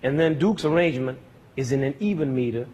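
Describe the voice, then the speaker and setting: A man's voice: mid-range voice, fairly quick, noisy background. A man explaining music to a young audience in an educational talk, teaching step by step and asking the audience questions as he goes.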